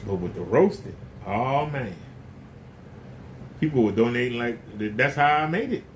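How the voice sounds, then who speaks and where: A man's voice: medium pitch, animated, moderate pace, slight background noise. A man preaching a casual sermon in a blunt, emphatic, folksy way.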